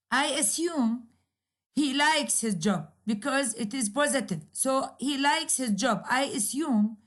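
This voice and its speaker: Slow, high-voiced woman lecturing. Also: a bit bright. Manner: slow, repetitive explaining with examples. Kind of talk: recorded English grammar lecture.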